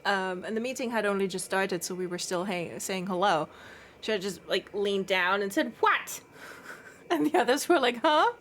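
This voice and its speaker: A woman's voice: mid-range voice, moderate pace, slight background noise. Chatty, giggly woman streamer. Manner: chatty and giggly, baby-talking to her cat. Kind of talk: casual chat with stream chat.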